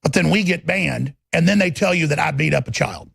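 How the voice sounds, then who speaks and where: Male talk host, gravelly and husky, combative rambling monologue, fairly high pitch. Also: a little fast, fairly bright tone, dry recording. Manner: combative, rambling, acts out quoted voices. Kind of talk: political talk show monologue.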